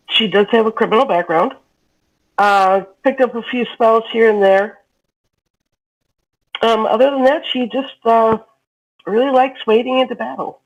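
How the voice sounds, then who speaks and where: Female tabletop player with a slightly high voice, slow and hesitant delivery, dull voice-chat sound. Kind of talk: casual game chat.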